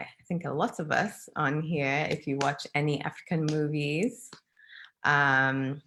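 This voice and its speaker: A young woman hosting an online talk over a video call, speaking in a friendly way with many pauses. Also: low voice, a bit bright, rough recording. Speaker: host.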